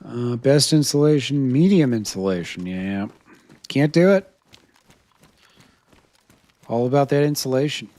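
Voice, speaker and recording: A man's voice: medium pitch, animated, unhurried, long pauses, warm tone, dry recording. A man from the United States streaming a video game live, chatting with viewers, laughing often and talking to himself as he searches for gear. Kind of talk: live gameplay commentary to chat.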